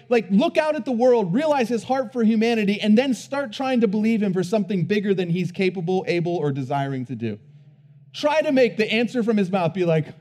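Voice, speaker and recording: Slightly high-voiced male preacher. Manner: swings between hushed, low emphasis and loud, emphatic bursts; repeats words while building a point, with casual asides. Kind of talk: sermon.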